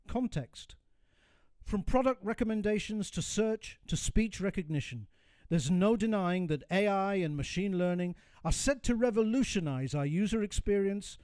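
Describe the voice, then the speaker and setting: A high-pitched man reads a polished event introduction as a voice-over. It is recorded dry, with no room sound around it. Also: a little mellow, no echo. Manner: polished, announcer-like. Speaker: event announcer.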